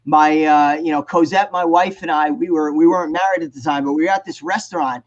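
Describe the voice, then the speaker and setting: Guy in his 50s, high voice, swears a lot, acts out the quotes, muffled call audio. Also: fairly quick. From New Jersey. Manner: animated, profane storyteller, acts out quotes. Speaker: guest musician. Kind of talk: casual storytelling on a video call panel.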